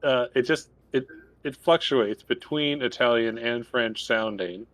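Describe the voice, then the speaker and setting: A man playing in a tabletop game, asking quick questions and joking along. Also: mid-range voice. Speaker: player. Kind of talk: casual chat at a game table.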